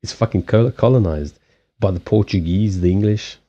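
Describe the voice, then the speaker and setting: Man from Africa, streamer, casual chat, halting restarts, mellow tone, dull lo-fi audio. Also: fairly low pitch. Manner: chatty, halting restarts, answers viewer chat. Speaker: live-stream host and card reader. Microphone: streaming setup.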